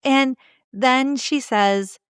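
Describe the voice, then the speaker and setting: A woman parenting coach speaks with a smooth, clear voice in a dry, close recording. Her talk is earnest and animated, full of stories and casual filler words. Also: sits high, extremely slow, no echo. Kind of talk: podcast interview storytelling.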